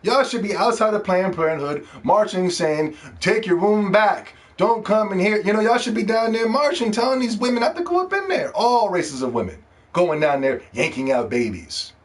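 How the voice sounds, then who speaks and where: A man with a somewhat high voice hosts a casual solo gaming podcast. He jokes and rants freely, with plenty of profanity. His talk swings between loud, excited bursts and quieter asides. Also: moderate pace. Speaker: podcast host.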